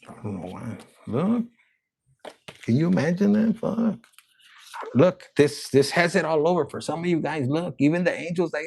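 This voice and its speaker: At a moderate pace with frequent pauses, a gravelly, husky-voiced man, pitched a little high, rambles through a tarot reading. He curses constantly and gets worked up with excitement as the cards appear.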